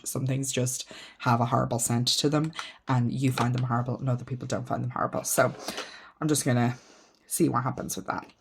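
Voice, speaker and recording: Low-voiced woman chatting through a declutter. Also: slightly rough. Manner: chatty, thinking aloud, trailing off with ums; frank and self-mocking. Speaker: beauty vlogger. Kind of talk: casual makeup declutter chat.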